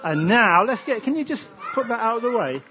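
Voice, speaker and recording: A man leading a playful Christmas children's talk in church, lively and animated. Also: very high voice, brisk, muffled recording, a crowd in the background, background noise. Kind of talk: Christmas family service talk.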